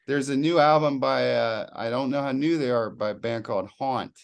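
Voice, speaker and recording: A man's voice: medium pitch, moderate pace, gravelly, smooth. Blunt, profane man co-hosting a podcast. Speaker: podcast co-host. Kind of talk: casual chat about music.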